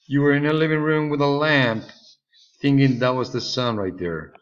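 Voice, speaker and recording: A man's voice: mid-range voice, steady tone, normal speed, clear, resonant tone, pitched above the performer's own voice, close to an everyday voice. A man voicing a boy who laughs at a friend caught lying, teasing and laughing. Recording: slightly dull lo-fi recording.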